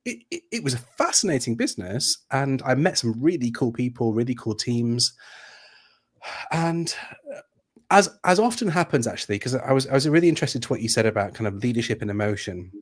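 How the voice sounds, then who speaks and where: A man's voice: medium pitch, big pitch swings, brisk. A man with a British accent, an executive coach, telling his story thoughtfully in a livestream interview with hesitant restarts.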